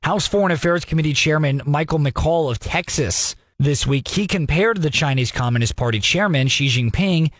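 A young man hosting a radio news talk segment, giving sarcastic, animated commentary with mocking asides. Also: a little high, normal speed, hardly any pauses, no room sound, clean studio sound.

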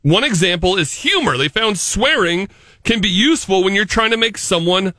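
A man's voice: high voice, animated, normal speed, bright, forceful tone, no room sound, clean studio sound. A male morning radio host bantering with his co-host in a playful, teasing, mock-dramatic way. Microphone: studio microphone.

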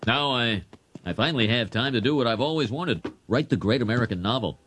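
A man's voice: mid-range voice, lively intonation, brisk, a bit bright, husky. An actor voicing a naive, self-satisfied middle-aged cartoon father. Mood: smug. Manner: pleased with himself, naive. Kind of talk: cartoon voice acting.

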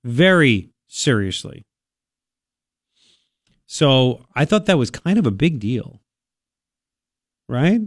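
A man hosting a talk radio show in a studio, delivering an opinionated monologue in a sarcastic, mocking, animated way. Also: mid-range voice, takes it slowly, pauses often, no echo. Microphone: studio microphone.

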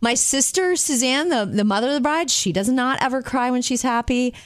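A middle-aged woman co-hosting a show, telling stories in a lively, animated way. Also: high voice, no room sound, studio quality. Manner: animated storytelling, quick asides. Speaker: radio show co-host. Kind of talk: casual chat.

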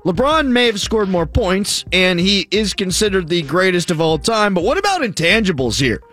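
A man's voice: high voice, a bit bright. A man with a Pittsburgh accent hosting sports talk radio, riffing in a jokey, ranting way from a studio mic. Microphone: studio microphone.

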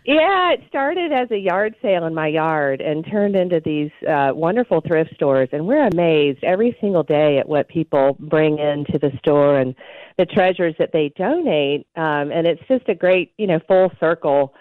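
A woman's voice: low-pitched, expressive, normal speed, dry recording, narrow, tinny audio. A woman guest who runs an animal shelter and thrift stores, speaking earnestly with some hesitation. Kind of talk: casual interview.

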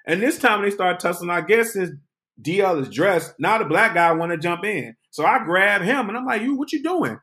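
A man hosting a podcast, telling a comic story in an animated, dramatic way. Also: high voice, normal speed. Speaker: podcast host. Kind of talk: comedic storytelling.

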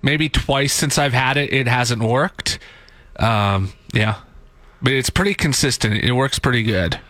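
A man co-hosting a morning radio show, easygoing and quick to laugh in casual banter. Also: mid-range voice, a bit bright, no room sound. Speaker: radio co-host.

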